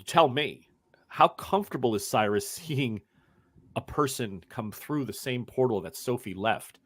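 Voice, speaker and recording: A man's voice: mid-range voice, unhurried, no echo. Chill guy game master, dry close sound, lots of ums. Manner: relaxed, hesitant, with many fillers. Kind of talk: running a tabletop game.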